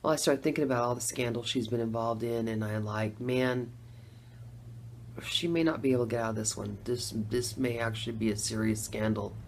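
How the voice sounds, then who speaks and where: A woman's voice: extremely low pitch, steady tone, a little fast, gravelly, slight background noise. A middle-aged woman telling a personal story in a casual, conversational way. She laughs often and acts out her own reactions. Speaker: former Democrat voter telling her story.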